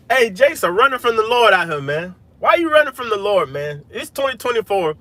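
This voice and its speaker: At a moderate pace and pausing often, a man with a high, sing-song voice that sounds pushed and bright preaches to livestream viewers. It's casual religious street-preaching talk from inside a vehicle, emphatic and laced with "man" and "hey."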